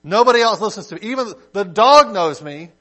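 A man's voice: expressive, fairly quick, exaggerated voice. A man voicing God as an exasperated, ignored master, ranting sarcastically about how no one listens to him. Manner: loud, high, complaining sarcastic rant.

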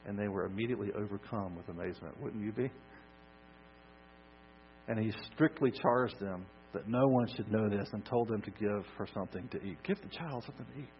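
Expressive preacher, lo-fi hum. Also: male voice, lowish voice, moderate pace. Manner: expressive, swings from loud emphasis to soft near-whisper. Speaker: pastor. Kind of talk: sermon. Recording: dull lo-fi recording with mains hum.

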